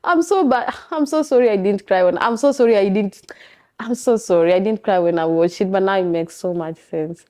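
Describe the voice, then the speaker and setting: Warm-voiced Kenyan woman podcaster. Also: medium pitch, brisk. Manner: mixes Swahili slang and English. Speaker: podcast host. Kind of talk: casual film recap.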